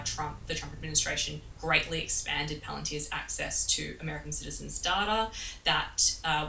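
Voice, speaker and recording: Low, bright-toned woman interviewer. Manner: long setup questions, hedging aloud. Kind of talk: interview questions. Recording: roomy echo, distant mic, faint hiss.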